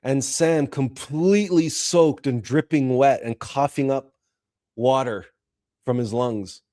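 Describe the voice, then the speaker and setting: A man's voice: mid-range voice, slow, mellow. A man hosting a spiritual talk show, speaking in an earnest, emotional monologue with frequent repeats and restarts. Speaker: host.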